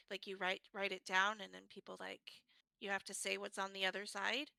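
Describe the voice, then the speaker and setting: A woman playing in a tabletop game, halting and stammering as she explains. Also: medium pitch, little pitch movement, creaky, bright, forceful tone, no room sound. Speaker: player. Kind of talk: casual tabletop role-play.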